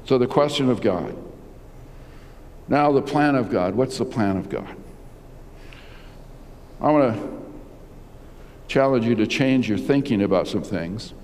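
A man's voice: mid-range voice, lively intonation, unhurried, long pauses, a little mellow, big-room sound, a little hiss or hum. An older man preaching a conversational sermon as a pastor, full of rhetorical questions and restarts. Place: church.

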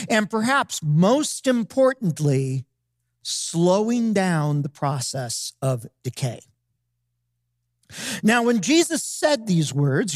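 A pastor preaching a sermon in a measured, emphatic way, with deliberate pauses between phrases. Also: medium pitch, dry recording, studio quality.

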